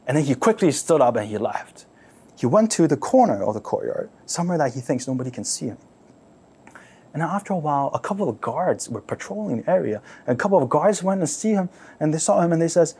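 A man preaching, retelling a story dramatically, repeating phrases and asking listeners to imagine the scene, swinging from loud outbursts to near-whispers. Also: a little high, very animated, fairly quick, slightly rough. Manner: repeats words and phrases for emphasis; asks listeners to imagine, rhetorical questions. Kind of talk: sermon storytelling.

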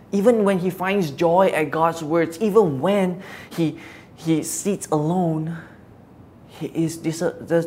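Brief: an earnest preacher at mid pitch, reflective, with a faint hum behind the voice. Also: darkish tone. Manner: earnest, reflective, asks rhetorical questions. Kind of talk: Bible teaching.

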